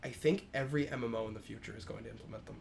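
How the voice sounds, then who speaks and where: A man co-hosting a casual gaming podcast, telling stories in an animated way with a lot of swearing. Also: on the low side, very fast, creaky, slight background noise. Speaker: podcast co-host.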